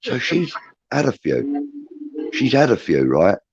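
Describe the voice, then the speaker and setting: A man's voice: medium pitch, big pitch swings, slow pace, creaky, darkish tone, husky, no room sound, dull audio. A middle-aged man, a podcast co-host telling a rambling anecdote in a casual way. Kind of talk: casual storytelling.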